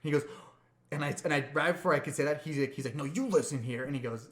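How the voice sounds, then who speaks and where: A man's voice: on the high side, fast, a bit bright, roomy sound. A man co-hosting a podcast, casually telling a long story, repeating words and acting out the quotes. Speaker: podcast co-host.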